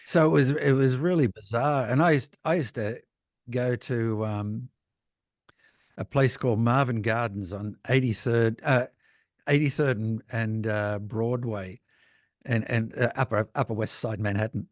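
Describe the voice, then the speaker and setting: An older Australian man telling animated anecdotes in a casual interview, laughing often. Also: medium pitch, measured pace, dry recording, studio quality. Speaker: guest, cinematographer.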